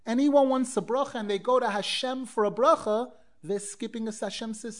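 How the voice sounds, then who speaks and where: Animated high-voiced man teaching Torah. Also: normal speed. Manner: animated, acts out quoted dialogue, mixes in Hebrew and Aramaic phrases. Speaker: rabbi teaching a Torah class. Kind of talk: Torah lecture.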